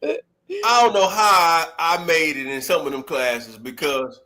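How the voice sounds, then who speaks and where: A man tells school stories in an animated way and laughs often. His voice is bright and forceful and sits a little high. He talks in a relaxed reunion-chat style. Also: measured pace. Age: 40s. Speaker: co-host.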